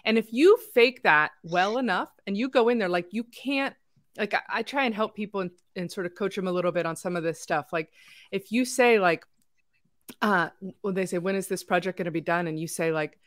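A woman hosts a casual podcast chat and gives advice in a direct, coaching way. Her pitch sits in the middle. The recording is dry and close. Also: lively intonation, normal speed, no room sound. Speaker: podcast host.

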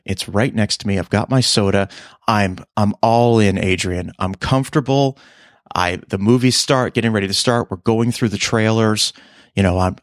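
A male podcast host in easy, casual conversation, telling stories with lots of animation. His voice sits at a middle pitch and rises sharply when he acts out other people. The recording is dry and close, with no room sound. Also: no room sound. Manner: animated storyteller, voice jumps high for quoted lines. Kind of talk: casual chat.

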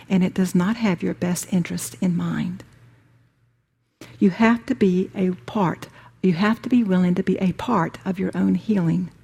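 Slow, gravelly-voiced woman teaching. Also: mid-range voice, dark tone. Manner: deliberate, emphatic repetition. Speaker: workshop teacher. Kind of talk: spiritual teaching talk.

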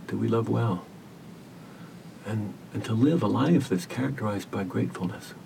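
A man speaks in a low, gravelly, mellow voice, and he tells a hospice story gently and earnestly. He sits a little off the mic, with a faint rumble underneath. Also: normal speed, recorded from a distance. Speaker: hospice caregiver, podcast guest. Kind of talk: reflective storytelling interview.

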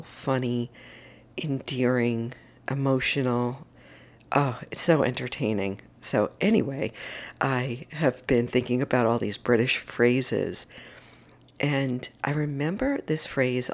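Chatty enthusiastic middle-aged woman host. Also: very deep voice. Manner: chatty and enthusiastic, gushing over favourite things. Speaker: host of a daily morning message. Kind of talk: casual motivational talk.

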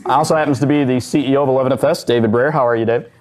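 A man's voice: mid-range voice, steady tone, very fast, a little mellow. A man hosting a live stage show in front of an audience, upbeat and joking. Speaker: podcast host. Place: event space with live audience. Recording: muffled live recording.

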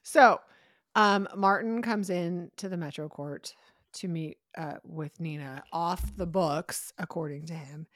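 A woman co-hosting a podcast, recapping a TV episode in an animated, breathless way with rapid asides. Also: fairly low pitch, no room sound, clean studio sound. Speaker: podcast co-host. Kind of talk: casual chat recapping a TV episode.

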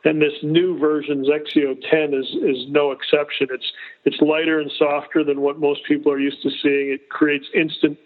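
A man's voice: fairly high pitch, little pitch movement, moderate pace. Man in his fifties over a tinny phone line. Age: 50s. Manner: explanatory, with frequent restarts. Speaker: golf company executive guest. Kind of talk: casual interview.

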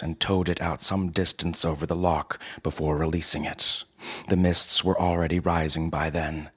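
A man narrating a story in a steady, measured reading. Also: low voice, husky.

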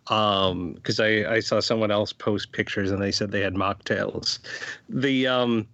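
A man co-hosting a podcast, talking casually and chattily, full of fillers and quick asides. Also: on the low side, steady tone, fairly bright tone, no room sound, highs cut off. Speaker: podcast co-host. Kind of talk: casual chat.

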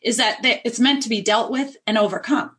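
A woman parenting coach speaks as a podcast guest, her voice sitting a little high. She explains earnestly, lays out example after example, and acts out lines a parent might say. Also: steady tone, brisk, fairly bright tone, breathy edge. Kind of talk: interview guest advice.

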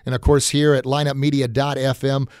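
A man's voice: medium pitch, little pitch movement, fairly quick, a little mellow, clean tone, no room sound. Man, podcast host, motivational talk, folksy, encouraging, dry close sound. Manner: folksy, encouraging, frequent fillers.

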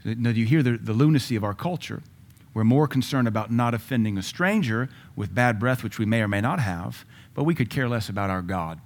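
A man's voice: mid-range voice, lively intonation, a little fast. A male pastor giving a sermon in a conversational way, with sudden emphatic rises and asides.

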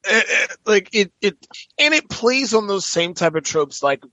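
A man co-hosting a podcast, rambling excitedly about movies and laughing a lot. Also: high-pitched, normal speed, no room sound, muffled recording. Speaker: podcast co-host. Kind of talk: casual chat about movies.

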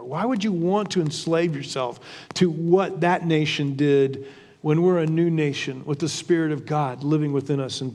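A man's voice: a little high, darkish tone, long reverb tail. A man giving a conversational Bible teaching, earnest and thinking aloud, often repeating and restarting his words. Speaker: preacher.

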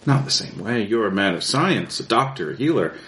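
Villain voiced by a man: calm, taunting, lively low delivery, slight room echo. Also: a little fast. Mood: menacing. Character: sinister man who taunts and kills. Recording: roomy with faint noise.

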